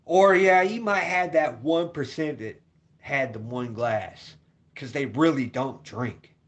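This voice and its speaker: A man vlogging a rambling, repetitive rant at home, cursing and swinging from loud hollering to low mutters. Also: takes it slowly.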